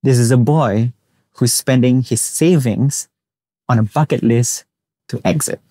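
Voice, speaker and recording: A man's voice: mid-range voice, unhurried, no echo, clean studio sound. A young man from Singapore with a Singaporean English accent, hosting a podcast and telling a personal story, acting out the voices of the people he quotes. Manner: animated, acts out quoted voices. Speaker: podcast host.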